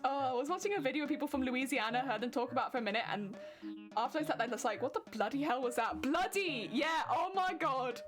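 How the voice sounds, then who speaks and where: A young British woman chatting casually with her stream viewers from home, chatty and quick to laugh. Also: high-pitched, lively intonation. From Britain. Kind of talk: casual chat with stream viewers while crafting. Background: faint music.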